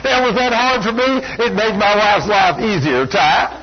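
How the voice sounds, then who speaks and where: A man's voice: high-pitched, lively intonation, moderate pace, noisy background. An older man preaching a folksy sermon, plain-spoken and full of homespun stories. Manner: plain-spoken, storytelling, self-deprecating. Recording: dull lo-fi sound.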